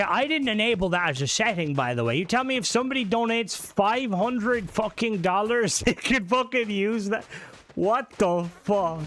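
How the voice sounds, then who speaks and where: A man's voice: high voice, a bit bright. Cursing, rambling male streamer. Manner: swears freely, rambling and joking; hums and sings to himself between remarks. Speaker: livestreamer reviewing game mods. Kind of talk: casual live-stream chat.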